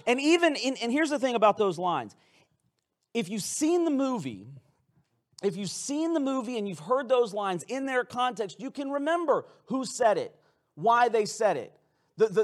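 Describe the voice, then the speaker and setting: A man with a high voice preaches to his congregation. His sermon is loose and conversational, playful in tone and full of quick restarts. He is speaking in a church sanctuary. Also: animated. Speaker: pastor.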